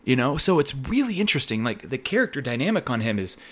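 A man's voice: medium pitch, fast talker, breathy edge. A man hosting a podcast, chatting casually and retelling stories with lots of fillers. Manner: animated storytelling, fillers. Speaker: podcast host. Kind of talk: casual chat.

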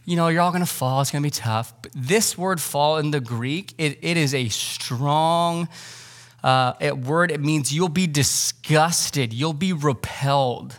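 A man preaching a sermon, lively and joking, acting out the disciples in quick asides. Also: on the high side. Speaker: pastor.

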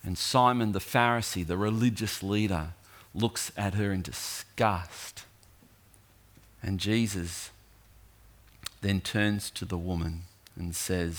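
A man's voice: low-pitched, fairly even intonation, a bit bright. Man preaching a storytelling sermon. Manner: storytelling, rising in intensity with long pauses.

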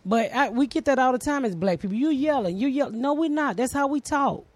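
Loud middle-aged woman with deep voice. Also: animated, a little fast, no room sound. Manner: loud, blunt, profane. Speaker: comedian guest. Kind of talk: casual chat.

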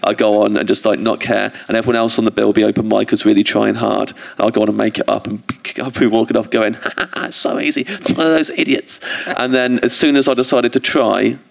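A man's voice: on the low side, level tone, fast talker, gravelly, few pauses. A man, a comedian guest, telling rambling, self-mocking stories in casual chat on a theatre stage. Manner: rambling, self-mocking storytelling with frequent restarts. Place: theatre stage before an audience.

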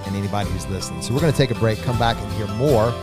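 Upbeat radio host guy, lowish voice, faint music under him. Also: racing. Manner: upbeat, announcer-like. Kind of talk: radio show hosting and ad reads. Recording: soft music bed underneath.

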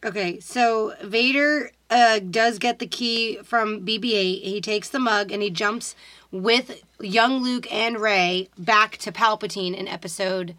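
A woman co-hosting a podcast in casual chat, recapping a movie plot quickly and acting out the characters' lines. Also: medium pitch, bright, forceful tone, no echo. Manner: rapid retelling, acts out lines from the scenes. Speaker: podcast co-host.

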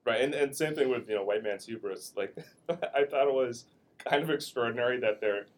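A man co-hosting a podcast, chatting about an old film, agreeable and quick to laugh. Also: mid-range voice. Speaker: podcast co-host. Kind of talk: casual film discussion.

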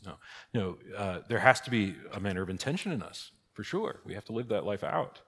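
Middle-aged male pastor, low voice, chatty teaching style, big reverberant church hall. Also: big pitch swings, brisk, a bit bright, husky. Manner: conversational, frequent "okay?" and "right?" check-ins. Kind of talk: catechesis teaching. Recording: long reverb of a large hall.

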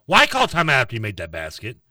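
A man co-hosting a sports talk show, griping with sarcastic exasperation. His voice is very bright and swings widely in pitch. He sits a bit back from the mic in a dry room. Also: wildly swooping pitch, fast, no echo, recorded from a distance. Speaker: sports radio co-host.

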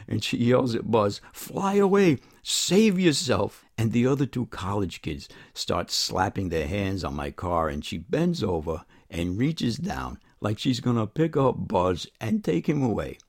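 A man telling a first-person story in a lively way, acting out the voices he quotes. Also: low-pitched. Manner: animated, acts out quoted voices.

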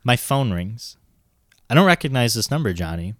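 A young man casually telling a story to a friend, shouting out the lines he quotes. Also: mid-range voice, normal speed, no room sound, studio quality. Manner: animated, shouts in acted-out quotes.

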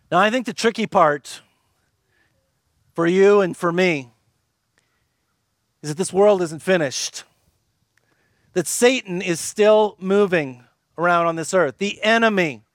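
A man with a high-pitched voice preaches a sermon in an earnest, emphatic way. He slows and drops his voice low for key phrases. The sound is dry and close, with no room echo. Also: a bit bright. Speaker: pastor.

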